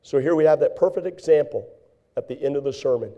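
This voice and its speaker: A man preaching a folksy, animated sermon as pastor, now and then acting out frantic voices. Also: on the high side, fast, dull audio.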